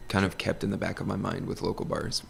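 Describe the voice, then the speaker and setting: Gravelly, flat-voiced laid-back man. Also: deep voice, fast. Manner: relaxed, laid-back, brief agreements. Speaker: podcast guest, bar manager. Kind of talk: casual conversation.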